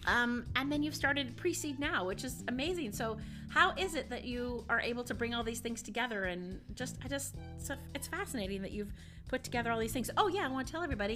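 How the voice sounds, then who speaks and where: A bubbly woman hosts a podcast, talking in a casual, effusive way and laughing easily. Her voice sits a little high. Music plays clearly behind her. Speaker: podcast host. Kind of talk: casual interview chat.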